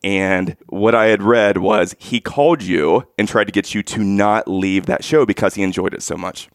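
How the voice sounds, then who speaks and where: A man's voice: lowish voice, moderate pace, no room sound, studio quality. A man hosting a podcast, asking his guest questions and reacting with easy laughter. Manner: lively, reactive interviewer who laughs readily. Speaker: podcast host. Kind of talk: casual interview.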